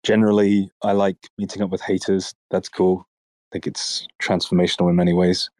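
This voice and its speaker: A man with a British accent and a deep baritone voice, teasing the others in deadpan casual chat on a group voice call. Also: fairly quick, no room sound.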